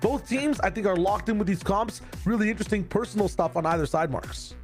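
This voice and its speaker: A man's voice sits high for his sex as he calls the action of an esports match. He reacts to plays quickly and jokes with his co-casters between rounds. Faint music runs underneath. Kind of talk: esports play-by-play commentary.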